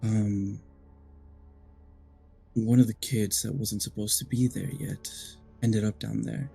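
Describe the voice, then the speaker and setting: A man's voice: on the low side, little pitch movement, slow, vocal fry, warm tone, slightly rough, soft background music. A man playing a tabletop game, talking in a confident, conspiratorial way. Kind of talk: in-character role-play.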